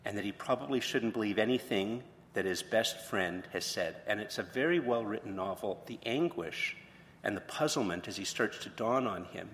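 Casting: male pastor, low voice, storytelling sermon, long hall reverb, faint room noise. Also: a bit bright. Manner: retells a story, then poses questions.

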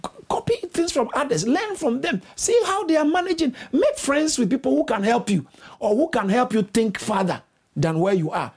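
A man preaches a sermon, urging his listeners on and repeating phrases. His dark, slightly rough voice leaps high for emphasis.

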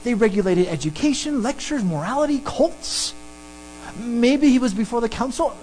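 A pastor preaching a sermon and teaching through a Bible passage, emphatic and animated. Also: moderate pace, a little hiss or hum, poor audio. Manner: animated, emphatic preaching with sudden pitch jumps.

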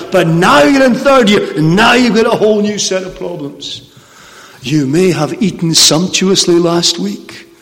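A male preacher with a fairly high voice delivers an emphatic, rhetorical sermon. He slows right down to stress his points. His voice carries a long reverb through a church hall.

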